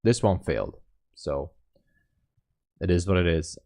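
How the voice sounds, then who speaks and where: A man's voice: deep voice, lively intonation, measured pace, a little mellow, no echo. A man hosting a live day-trading stream, chatting casually with viewers and greeting them by name. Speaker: livestream host and day trader. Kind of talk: casual livestream chat.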